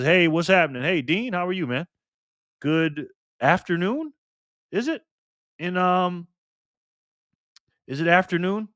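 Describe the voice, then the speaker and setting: A man's voice: a little high, dry recording, studio quality. A man hosting a casual live stream, greeting viewers by name and reading chat aloud in a friendly, chatty way while recovering from illness.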